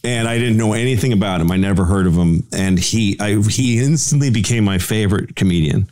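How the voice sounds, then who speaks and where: A man in an archival interview clip, telling stories in an animated way and chuckling as he goes. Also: fairly low pitch, fairly quick. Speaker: comedian telling a story in an interview. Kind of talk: anecdotal interview storytelling.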